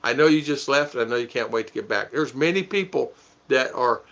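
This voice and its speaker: Middle-aged male stream host, bright, forceful voice, rambling and chuckling, dull lo-fi sound. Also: mid-range voice, lively intonation, brisk. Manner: chuckling, rambling, thanks viewers by name. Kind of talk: casual live stream chat reading comments.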